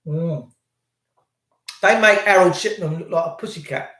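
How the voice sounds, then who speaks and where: A high-pitched man running a livestream, slipping into mocking sarcasm as he rants at his viewers. His voice bounces around an echoey room. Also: unhurried, a bit bright. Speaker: livestream host. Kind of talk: ranting livestream commentary reading chat.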